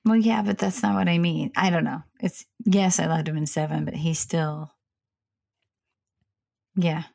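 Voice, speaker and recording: An opinionated woman chatting casually as a podcast co-host, her voice low-set and gravelly with vocal fry. She rambles through asides, keeps apologizing and restarts her sentences. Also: steady tone, unhurried, darkish tone. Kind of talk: casual chat.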